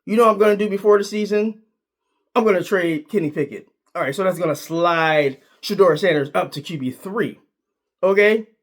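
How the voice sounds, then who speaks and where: A man's voice: high-pitched, moderate pace. A man giving a casual, emphatic sports opinion monologue, full of slang and repeated points. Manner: emphatic, repetitive, slangy, argumentative. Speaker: sports commentator.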